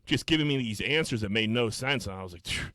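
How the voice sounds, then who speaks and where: A man co-hosting a podcast, telling a story in a casual, swearing, animated way and acting out his own lines. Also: lowish voice, fast, heavy background noise. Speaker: podcast co-host.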